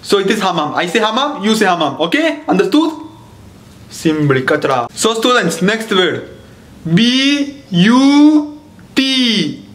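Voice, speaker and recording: A man's voice: sits high, big pitch swings, a bit bright, roomy sound. A man playing a bossy male English teacher with an Arabic accent in a comedy sketch, who insists he is right and scolds his students. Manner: insistent, scolding, spells words out slowly.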